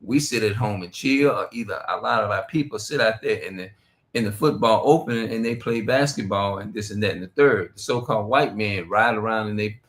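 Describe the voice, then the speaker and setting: A man's voice: fairly low pitch, brisk, fairly bright tone. A man giving a rambling, profane religious monologue on a stream, reading scripture aloud between his remarks. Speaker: street preacher.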